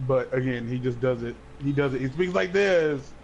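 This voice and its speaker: A man's voice: mid-range voice, moderate pace, darkish tone, lo-fi sound, a little hiss or hum. A man co-hosting a casual chat, rambling and joking with many fillers. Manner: rambling, filler-heavy, jokey. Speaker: podcast co-host.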